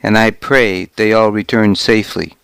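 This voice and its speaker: A man's voice: fairly low pitch, steady tone, moderate pace, gravelly, a bit bright, clean tone, no room sound. A man reading the part of a brusque, curt, gray-haired older woman in an audiobook. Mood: plain.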